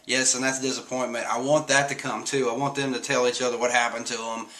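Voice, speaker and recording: A young man walks through a comic chapter in a loose, chatty way, laughing often and breaking into silly voices for quotes. His voice is bright and forward, and his pitch sits in a middle range. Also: little pitch movement, fast, poor audio. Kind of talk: casual recap commentary.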